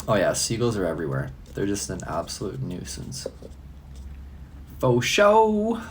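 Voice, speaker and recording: A man's voice: fairly low pitch, huge pitch swings, a little slow, slight background noise. A young man chatting casually on a live stream, loose and profane, laughing often. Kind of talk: casual live-stream chat answering comments.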